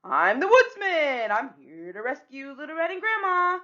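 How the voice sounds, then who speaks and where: A woman's voice: high-pitched, sing-song, normal speed, pushed and bright, dull audio, voice pushed up, exaggerated voice. A woman voicing a fibbing wooden puppet boy in a storybook, cheerful and proud.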